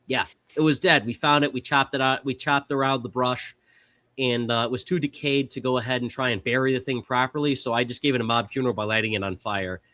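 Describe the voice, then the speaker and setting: A man hosting a podcast, telling a story in a casual, animated way and acting out the other people's lines. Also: mid-range voice, fast talker, dry recording. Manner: animated, acts out quoted voices. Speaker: podcast host.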